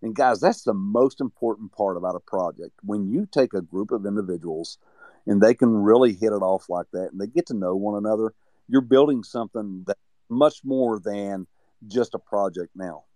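A man's voice: on the low side, normal speed, dark tone, no room sound. Earnest man giving a rallying speech. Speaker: community member. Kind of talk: motivational speech.

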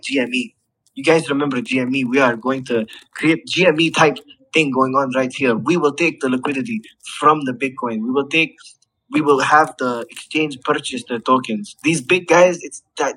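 A man's voice: medium pitch, a bit bright, breathy edge, rough recording. A man with a non-native accent of English, hyping a crypto project on a livestream with pumped-up, repetitive slogans, swearing and chuckles. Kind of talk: hype livestream pitch to token holders.

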